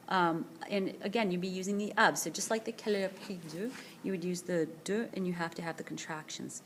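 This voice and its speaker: A woman teacher recording a screencast vocabulary lesson, speaking slowly and carefully and repeating each word for pronunciation practice. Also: lowish voice, steady tone, a little hiss or hum. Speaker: French teacher. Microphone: tablet screencast voice-over.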